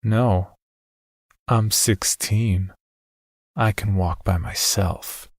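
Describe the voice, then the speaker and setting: A man voicing a sullen, angry teenage boy in a horror story, quiet and sarcastic. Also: on the low side, unhurried.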